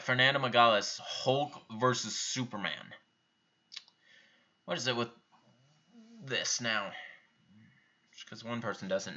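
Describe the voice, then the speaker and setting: A young man with a lowish, sharp-toned voice hosts a live Q&A on his YouTube channel, and the recording sounds muffled. He reads viewer questions aloud and answers them bluntly and offhandedly in a casual chat.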